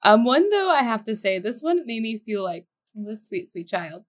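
A woman's voice: fairly high pitch, sing-song, normal speed. Chatty young woman teacher. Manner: chatty, giggly storyteller. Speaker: podcast co-host, teacher abroad. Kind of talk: casual chat.

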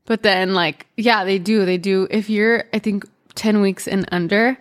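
A woman's voice: mid-range voice, fairly even intonation. Chatty woman podcast host. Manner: chatty, full of "like" and "um" fillers, quick bursts and slow pauses. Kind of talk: casual personal storytelling.

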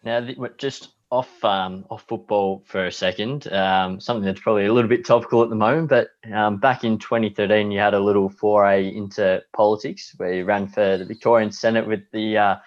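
A man's voice: fairly low pitch, steady tone, brisk, few pauses. A man hosting a podcast and asking a question with lots of ums. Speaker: podcast host. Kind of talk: casual interview. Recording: dull lo-fi sound.

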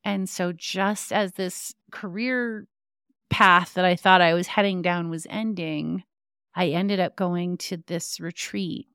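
A woman's voice: fairly low pitch, steady tone, slow, fairly bright tone, clear, resonant tone, no room sound, studio quality. A young woman hosting a podcast, telling a personal story in a casual, chatty way, with many fillers and restarts. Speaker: podcast host.

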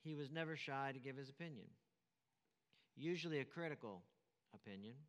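A man's voice: medium pitch, animated, a little fast, fairly bright tone, big-room sound. A man preaching a sermon as pastor, emphatic, repeating key phrases and asking rhetorical questions.

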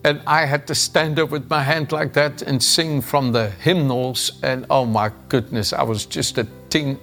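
A man's voice: medium pitch, moderate pace, fairly bright tone, soft background music. A man preaching a devotional sermon, reading scripture and telling stories in an earnest way with frequent chuckles. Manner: earnest storytelling, chuckles often.

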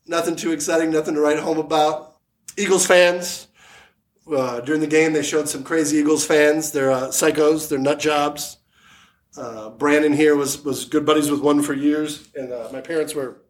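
A man hosting a casual sports podcast, joking crudely and laughing often. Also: on the high side. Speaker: podcast host.

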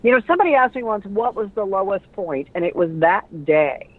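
A middle-aged woman, a radio personality and author, telling lively stories in an interview and acting out the voices of people she quotes. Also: medium pitch, fairly quick. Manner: animated storyteller who acts out quoted voices. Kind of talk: conversational storytelling interview. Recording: tinny phone-like line, dry.

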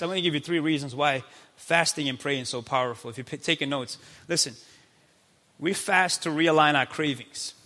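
A man in his thirties preaching a lively, playful sermon in a church, acting out quick voices as he goes. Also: a little high. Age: 30s. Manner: energetic, playful, acts out God's voice. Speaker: pastor. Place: church sanctuary. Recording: long hall reverb.

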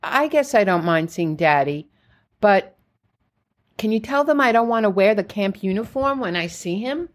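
A woman reads as an eager little girl in a storybook memoir, her lines pitched a little above the narration and lifted with excitement. She pleads and chatters quickly in a plain reading voice. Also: lightly acted.

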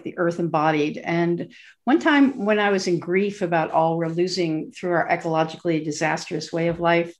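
A middle-aged woman hosting a podcast, introducing her guest in an earnest, searching way, with fillers and restarts. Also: fairly low pitch. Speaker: podcast host.

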